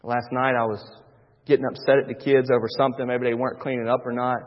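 Give me a pastor preaching emphatically, with a dull sound and a long church reverb. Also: male voice, mid-range voice, flat delivery, quick pace. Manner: emphatic preaching, swinging between loud and hushed. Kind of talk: sermon.

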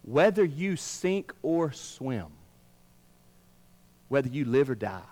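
A male pastor preaching a sermon, swinging between emphatic lines and hushed, drawn-out words. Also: mid-range voice, sing-song. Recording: long reverb of a large room.

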